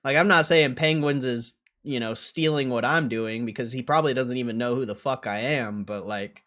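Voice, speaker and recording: A young man casually reacting and commentating on a livestream, loose and swearing, often getting loud. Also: medium pitch, moderate pace. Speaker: stock streamer.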